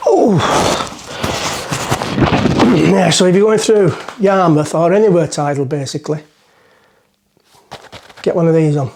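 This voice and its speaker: A man's voice: a little high, moderate pace, gravelly, long pauses, heavy background noise. A middle-aged man, rambling through a joke as he talks to the camera from the front of a boat. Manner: rambling, self-mocking, chatty. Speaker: vlogger. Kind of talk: casual chat to camera, joke-telling.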